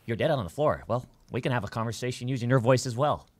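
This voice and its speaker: A man in his thirties streaming games live, talking with brash theatrical swagger and sudden shouting bursts. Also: mid-range voice, expressive, fast talker.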